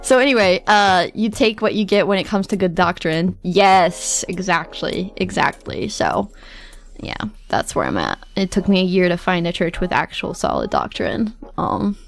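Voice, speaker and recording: A woman's voice: lowish voice, gravelly. A woman streamer telling a long personal story in casual chat, chatty, quoting others and laughing often. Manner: chatty, tells stories with quoted asides, laughs often.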